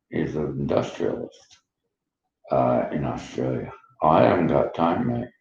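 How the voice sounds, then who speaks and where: Man from Canada, middle-aged, rambling monologue, dark mellow tone, roomy dull lo-fi home recording. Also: low-pitched, vocal fry. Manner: rambling, jumps between stories, laughs often. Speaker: vlogger.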